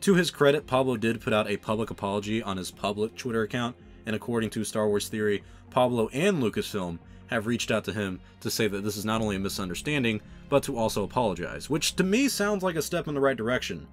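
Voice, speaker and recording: A man's voice: on the low side, lively intonation, fast, few pauses, soft background music. A young man hosting his own channel, giving an exasperated, ranting opinion commentary with sarcastic asides. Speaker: channel host.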